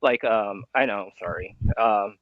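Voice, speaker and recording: A man's voice: fairly low pitch, a little slow, dry recording, narrow, tinny audio. A man guesting on an interview, talking in a loose, hesitant, slangy way and laughing often. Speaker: guest comic artist. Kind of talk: casual interview chat.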